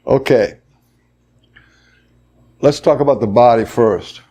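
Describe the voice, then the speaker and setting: A man's voice: mid-range voice, mellow. A man leading a workshop and teaching the group, explaining step by step and acting out example voices. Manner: explains slowly, then acts out voices. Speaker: workshop leader. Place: workshop room.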